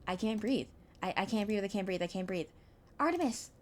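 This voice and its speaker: A young woman streamer reading a visual novel aloud, with expressive, anxious narration and small stumbles. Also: mid-range voice, fast talker.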